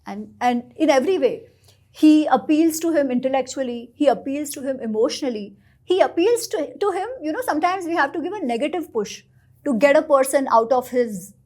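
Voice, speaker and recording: A woman retells old stories as a guest on a talk show. Her high voice rises and falls a great deal as she tells them with animated feeling. She talks expressively and with plenty of movement. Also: fairly quick. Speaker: guest author. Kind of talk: storytelling in a podcast interview.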